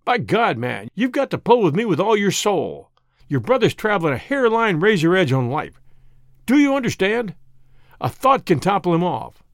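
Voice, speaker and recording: A man's voice: high-pitched, very animated, moderate pace, no room sound, clean studio sound. A man voicing a commanding, irascible male surgeon who barks orders. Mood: wrathful. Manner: barking, forceful.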